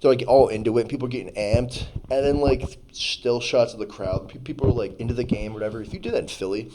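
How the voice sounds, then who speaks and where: A man's voice: medium pitch, fast talker, noisy background. A man, co-hosting a podcast and telling long rambling stories full of fillers and restarts. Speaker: podcast co-host. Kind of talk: casual chat.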